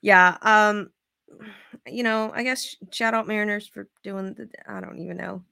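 A woman's voice: mid-range voice, moderate pace, gravelly, clean tone, dry recording, clean studio sound. A woman hosting a casual sports podcast, cursing freely and acting out players' voices. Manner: profane, animated, acts out quotes. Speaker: podcast host.

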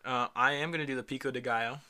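An easygoing young man co-hosts a casual podcast. His voice has a bright, sharp edge, and he lets his stories wander as he talks. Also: medium pitch, fairly even intonation, very fast, smooth. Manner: easygoing, tells stories in a rambling way. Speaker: podcast co-host. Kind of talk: casual chat.

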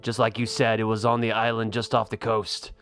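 A royal guard gives a plain, dutiful report in a lowish voice, as a man puts him on. He sounds matter-of-fact. Faint music plays behind. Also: monotone, brisk, fairly bright tone.

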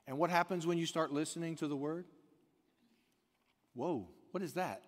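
A man with a fairly high voice preaches a sermon, his words trailing off in the long reverb of a large hall. He drops to quiet asides, then climbs to near-shouted emphasis. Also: normal speed. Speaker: pastor.

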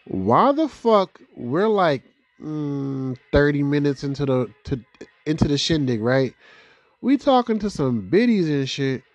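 A young man with a fairly high voice tells a casual story, full of street slang and cursing. His pitch swings widely, leaping up for disbelieving reactions. The sound is dry and close. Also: a little slow, dry recording. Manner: animated, profane street slang, big rises in pitch for quoted reactions. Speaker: vlog host.

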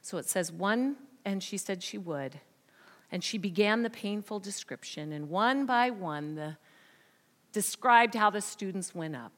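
A woman preaching a sermon through a story, swinging dramatically in loudness and often dropping to a whisper. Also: medium pitch. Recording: long hall reverb.

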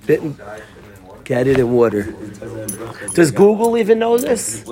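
A man's voice: a little high, big pitch swings, unhurried, dark tone. A man teaching a Torah class, telling a story and quizzing his students by name.

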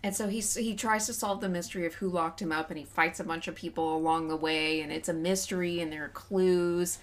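Co-hosting a podcast, this West Texas woman talks in a chatty, candid, self-mocking way during casual conversation. She has a lowish voice with fairly even intonation and a brisk pace, and there's slight background noise.

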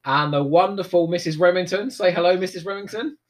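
A man hosting a fan commentary podcast, playful and quick to laugh as he teases his guests. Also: high-pitched. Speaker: podcast host. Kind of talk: casual commentary chat.

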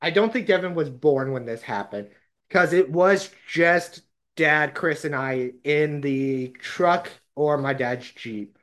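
A man's voice: fairly high pitch, takes it slowly, a bit bright. A man from Arkansas, hosting a podcast and telling a rambling, laughing story in casual chat. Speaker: podcast host.

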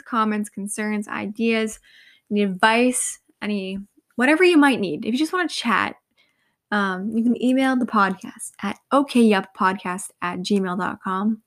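A woman's voice: medium pitch, unhurried, a bit bright. A young woman in her twenties hosting a casual solo podcast, tired and yawning, rambling with many fillers. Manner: rambling, filler-heavy, lots of "like". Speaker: podcast host.

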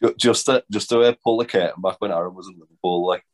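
A man's voice: low-pitched, fast talker. A man co-hosting a podcast, teasing his friend with dry jokes and casual swearing. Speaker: podcast co-host. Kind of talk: casual banter.

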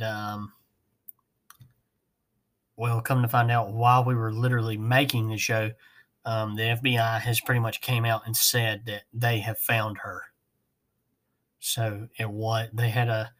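Man, podcast host, casual chat, slow delivery, bright tone. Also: medium pitch. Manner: rambling, self-mocking, with fillers and laughs.

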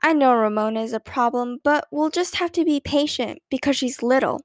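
A woman voicing a patient but weary mother who speaks calmly to her daughters. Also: sits high, fairly quick, dry recording, studio quality, lightly acted. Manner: calm, patient.

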